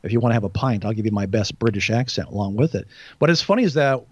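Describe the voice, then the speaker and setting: A man's voice: lowish voice, expressive, quick pace, slightly rough, no room sound. An American man chatting casually as a podcast guest, often stumbling and repeating words as he restarts. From United States. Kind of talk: casual conversational chat.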